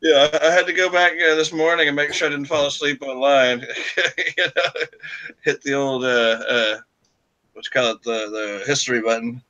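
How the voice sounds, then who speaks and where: Easygoing man from Michigan, very bright edgy tone, chuckles a lot, stream regular. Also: mid-range voice, fairly even intonation, normal speed, low-quality recording. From Michigan, US, living in Texas. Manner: chuckling, easygoing, hesitant with fillers. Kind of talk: casual chat on a livestream.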